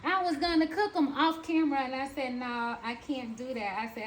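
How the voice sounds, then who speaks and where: A woman with a Southern US accent, cooking at home and chatting folksily to her viewers. Her voice sits a bit high. The kitchen recording carries a clear bed of background noise. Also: a little fast, few pauses, rough recording. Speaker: cooking show host. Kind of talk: casual cooking demonstration.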